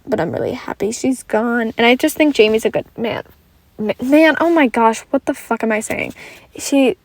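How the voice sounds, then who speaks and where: Rambling young woman, lively tired chatter. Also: fairly high pitch, creaky, no room sound. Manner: rambling, self-correcting, swears casually. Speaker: podcast host. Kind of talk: casual solo podcast chat.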